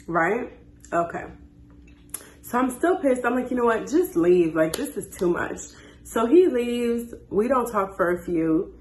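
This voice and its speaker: A young woman in her twenties chats through a dramatic dating story, acting out each line of dialogue. Her voice sits a little high. The room around her sounds echoey. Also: unhurried. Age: 20s. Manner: animated, acts out dialogue. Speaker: storytime host. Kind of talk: casual storytime chat.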